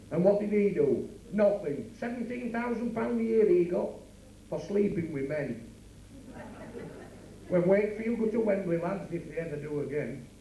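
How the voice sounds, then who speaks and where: A high-voiced man rattles off bawdy club comedy, talking straight to the crowd. He sounds far from the mic in an echoey room, with a steady noise under him. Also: gravelly. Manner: bawdy, rapid patter with asides to the crowd. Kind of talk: stand-up comedy. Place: working men's club stage.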